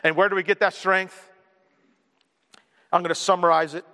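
A pastor preaching a sermon with energy, repeating lines and joking along the way. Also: male voice, high-pitched, little pitch movement, moderate pace, sharp tone. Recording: long hall reverb.

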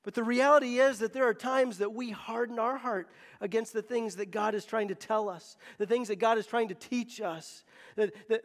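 A man's voice: high voice, long reverb tail. A man preaching a sermon as pastor, emphatic and often repeating words as he presses a point.

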